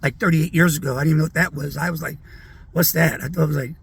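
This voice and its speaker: A middle-aged man telling a personal anecdote in a casual, animated way, acting out the voices of the people in his story. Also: a little high, very fast, vocal fry, slight background noise. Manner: animated, acts out quoted voices.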